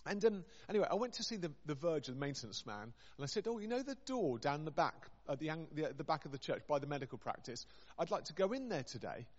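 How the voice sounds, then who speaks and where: A man's voice: a little high, sing-song, quick pace. A man, a vicar, preaching a chatty, humorous story-based sermon with self-deprecating asides. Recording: dull sound with long hall reverb. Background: long reverb.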